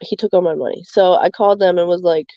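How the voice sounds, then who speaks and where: A woman's voice: fairly low pitch, steady tone, quick pace, no room sound, highs cut off. A young adult woman streaming live, chatting candidly with many fillers. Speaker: livestream host. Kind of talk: casual chat.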